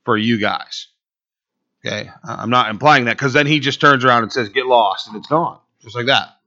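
A pastor delivers a sermon in a mid-range voice at normal speed, swinging between loud, emphatic lines and quiet asides. The recording has its high frequencies cut off.

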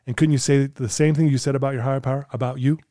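A client coach appearing as a podcast guest tells stories earnestly in a conversational interview, acting out his talks with clients. He speaks at a racing pace in a dark, steady, mid-range voice. The recording is studio quality with no room sound.

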